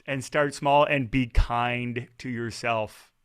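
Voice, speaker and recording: A man hosting a podcast over a video call, chatting casually and telling stories in an animated, self-deprecating way. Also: mid-range voice, takes it slowly, clear, resonant tone. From Canada. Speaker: podcast host.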